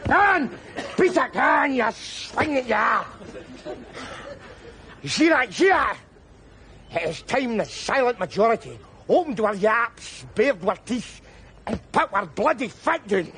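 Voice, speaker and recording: An actor playing a loudmouthed, boozy middle-aged Scotsman with a Scottish accent, ranting and mocking in a belligerent sitcom scene. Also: extremely high pitch, very animated, a little slow, long pauses, full character voice. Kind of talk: sitcom acting. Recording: outdoor crowd and noise.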